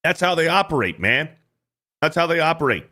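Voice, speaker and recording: A man's voice: a little high, very animated, fairly quick, sharp tone. A man hosting a reaction commentary show, ranting in a profane, fired-up way.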